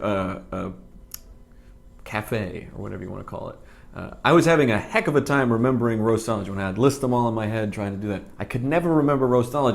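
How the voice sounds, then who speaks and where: A man reviewing cafe drinks and pastries in a casual vlog, with a dry, rambling sense of humor and plenty of asides, speaking. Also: mid-range voice. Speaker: food vlogger.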